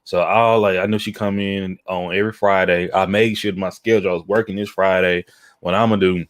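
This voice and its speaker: A podcast co-host with a low voice tells a story in a casual chat, animated and frequently checking in with his listener. He slips into other people's voices, and the recording is close and dry.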